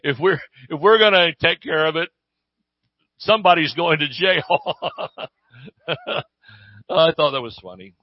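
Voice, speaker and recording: A man delivers a sermon in a slightly higher voice, talking to his listeners as if in conversation and regularly asking them "Amen?". The recording is close and dry, with a somewhat dull, muffled sound. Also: measured pace, long pauses, no echo. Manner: conversational preaching with call-and-response "Amen?". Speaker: pastor.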